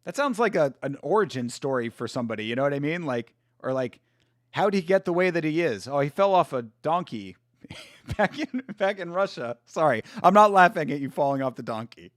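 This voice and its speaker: A man's voice: a little high, animated, a little fast, no echo. Chatty, giggly male streamer, dry close mic. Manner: laughs a lot and keeps apologizing; chatty, swears casually. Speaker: livestream host. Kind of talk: casual live-stream chat, reading viewer comments.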